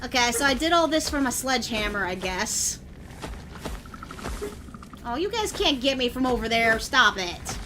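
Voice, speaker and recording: A woman streaming a game, chatting along, muttering to herself and breaking into sudden yells. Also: fairly high pitch, big pitch swings, moderate pace, long pauses, background noise. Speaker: vtuber streamer. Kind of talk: gameplay commentary.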